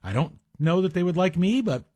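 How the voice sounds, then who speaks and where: A middle-aged man hosts a talk radio monologue in a husky, slightly raised voice. He talks in a chatty, wry way full of self-deprecating asides, recorded close on a dry studio microphone. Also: high-pitched, lively intonation, a little fast, warm tone, no echo. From Greek heritage. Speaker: radio guest host.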